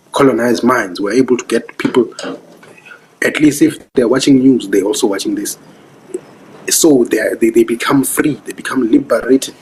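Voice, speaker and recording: A man's voice: medium pitch, darkish tone, slight background noise, rough recording. A young South African man with a South African accent giving casual live-stream commentary, earnest and preachy, who keeps asking whether you understand. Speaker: vlogger.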